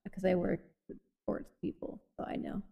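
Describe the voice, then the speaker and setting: A woman interviewing a guest in a casual, chatty way, full of fillers and quick laughs. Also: highs cut off. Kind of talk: casual conversation. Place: lives on the US East Coast.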